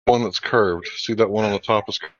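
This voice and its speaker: A man's voice: fairly low pitch, brisk, fairly bright tone. Insistent male live-stream host, dull lo-fi sound. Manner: pointed, insistent questioning. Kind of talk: debate-style questioning.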